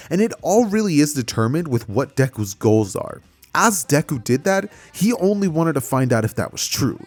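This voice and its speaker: A man casually retelling a fan-made story, animated and conversational, with frequent fillers. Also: medium pitch.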